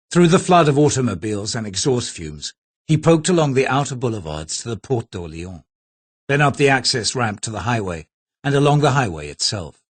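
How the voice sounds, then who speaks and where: Husky male audiobook narrator. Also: mid-range voice. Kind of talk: scripted narration.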